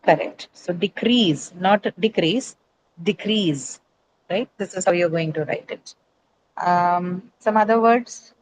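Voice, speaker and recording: A woman's voice: on the low side, measured pace, slight background noise, rough recording. A woman teaching English pronunciation in an online class, explaining patiently step by step and checking in with tag questions.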